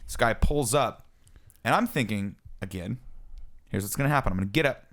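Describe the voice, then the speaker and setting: A man in his thirties tells a story on a casual podcast. His voice sits fairly low but moves a lot, rising and falling as he acts the scene out. He pokes fun at himself as he goes. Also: fairly quick. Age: 30s. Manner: animated, self-mocking storyteller. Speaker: podcast co-host.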